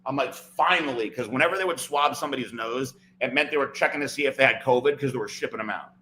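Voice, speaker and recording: This podcast guest is medium-pitched and quick, his delivery pushed and bright as he meanders through a lengthy personal tale, leaning on "like" and "right?". The recording is low quality with slight background noise.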